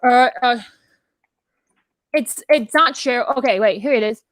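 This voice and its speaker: A woman co-hosting a casual talk show, telling stories in a rambling, animated way full of restarts. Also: on the high side, measured pace, no echo, clean studio sound. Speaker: podcast co-host. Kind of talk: casual chat.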